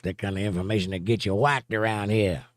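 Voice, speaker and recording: A man voicing a talking magic eight ball as a slow, clipped, mob-style tough guy. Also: fairly low pitch, fairly even intonation, dry recording, lightly acted. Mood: gruff.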